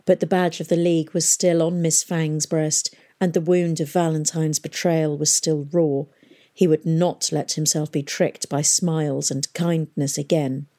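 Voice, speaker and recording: A woman reading an audiobook in measured, unhurried narration. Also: sits low, flat delivery, dark tone. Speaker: audiobook reader.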